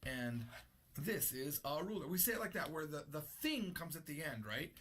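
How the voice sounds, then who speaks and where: A man's voice: fairly high pitch, big pitch swings, moderate pace, noisy background. A man teaching an unscripted language lesson, explaining patiently and repeating his key points. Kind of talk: unscripted classroom-style lesson.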